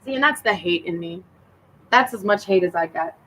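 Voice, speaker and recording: A woman venting to her camera at her sister, bitter and profane, her voice dropping low or flaring hot. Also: lively intonation, normal speed, background noise. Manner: swings between muttering and heated outbursts. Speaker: vlogger addressing her sister. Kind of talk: personal rant to camera.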